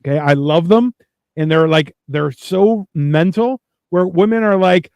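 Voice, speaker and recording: A man's voice: high voice, measured pace, clean tone, no room sound. A man co-hosting a podcast in casual chat, telling crude, rambling stories with lots of energy. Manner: crude, rambling, animated storytelling. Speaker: podcast co-host.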